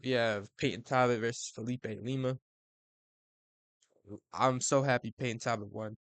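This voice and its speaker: A young man giving a casual, profane fight recap, excitable and full of bro slang. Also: mid-range voice, moderate pace, no echo. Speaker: MMA commentator.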